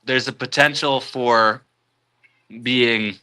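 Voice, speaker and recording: A man with a very bright, ringing voice hosts a casual live stream. He reads comments aloud and drifts into relaxed spiritual musing, chuckling as he goes. His pitch sits in an ordinary middle range. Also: slow pace, clean tone. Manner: laid-back, spiritual musing, chuckles often.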